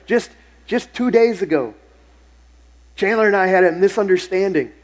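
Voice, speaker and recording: Pastor, man, middle-aged, fairly high voice, conversational sermon with repeated phrases for emphasis. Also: moderate pace, rough recording. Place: church sanctuary.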